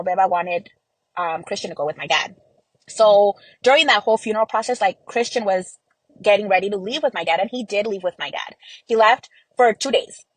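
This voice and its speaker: A woman's voice: mid-range voice, no echo, rough recording. A woman speaking as an interview guest in a casual, emotional way, with many "like" and "you know" fillers.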